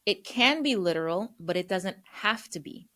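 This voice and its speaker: A woman's voice: mid-range voice, expressive, normal speed, a bit bright. A woman hosting a podcast, retelling and teaching scripture in a chatty, slangy way. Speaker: podcast host.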